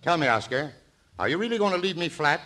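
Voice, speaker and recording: An older man in his sixties hosting a 1940s radio comedy show, trading scripted jokes and singing with slow, drawn-out theatrical phrasing. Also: on the high side, very animated, sharp tone. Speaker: host and singer. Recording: old radio broadcast with orchestra.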